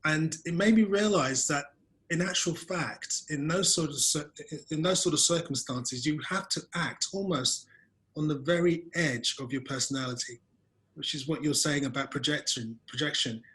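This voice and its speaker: A man's voice: fairly high pitch, moderate pace, fairly bright tone, low-quality recording. A man hosting a video-call webinar interview, telling casual self-deprecating stories about his early days on camera. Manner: chatty, self-deprecating storyteller. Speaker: webinar host.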